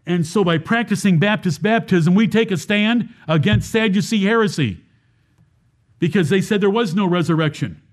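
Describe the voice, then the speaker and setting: A man's voice: sits high, normal speed. A man preaching a Baptist sermon, asking the congregation rhetorical questions and explaining scripture verse by verse.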